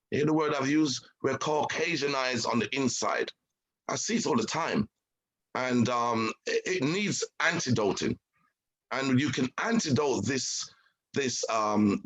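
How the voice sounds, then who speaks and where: Impassioned husky-voiced man. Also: a little high, a bit bright, low-quality recording. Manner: emphatic, preachy, rhetorical questions. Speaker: show host, guest speaker. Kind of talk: impassioned talk on identity and culture.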